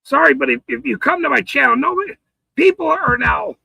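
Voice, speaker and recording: A man's voice: extremely high pitch, animated, a little fast, gravelly, bright, forceful tone, no room sound, rough recording. A man hosting a casual livestream, swearing and greeting viewers in chat between bursts of laughter. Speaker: livestream host.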